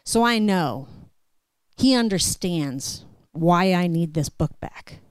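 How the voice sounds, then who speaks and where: A woman telling a personal story on stage at a live show, slow and deliberate. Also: fairly low pitch, lively intonation, no echo.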